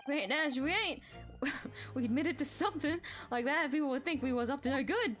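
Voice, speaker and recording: A woman's voice: high-pitched, fairly quick, fairly bright tone, faint music behind, pitched above the performer's own voice. Woman doing cheeky cockney thief brothers. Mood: sheepish. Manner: mock cockney drawl, folksy slang. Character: two rough male petty-thief brothers, cheeky and shifty.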